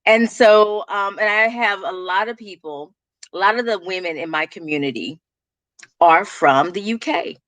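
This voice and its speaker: Animated Texan woman, dry close sound. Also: medium pitch, moderate pace, dry recording. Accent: Texas. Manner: animated storyteller, laughs often. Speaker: guest, business coach. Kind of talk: casual interview conversation.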